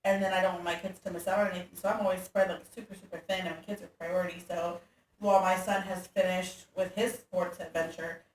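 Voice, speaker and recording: A woman with a fairly low voice talks candidly as an interview guest, full of fillers. She sits well back from the mic, and the room adds a noticeable echo over a faint ambient bed. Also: little pitch movement, a little fast, distant mic, a little hiss or hum. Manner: candid and conversational, many fillers. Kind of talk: casual chat.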